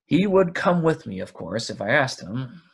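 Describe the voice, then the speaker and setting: A man voicing a fussy, possessive elderly male hobbit who rises to sharp, excited outbursts. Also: mid-range voice, normal speed, gravelly, breathy edge, heavily acted. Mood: wistful.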